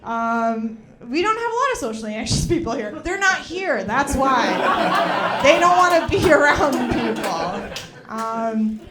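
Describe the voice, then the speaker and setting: A young woman doing stand-up, rambling and chatty and packed with fillers. Her voice sits a bit high and bounces around a lot, as if she is riffing live. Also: very animated, measured pace, a crowd in the background. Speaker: stand-up comedian. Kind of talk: stand-up comedy set.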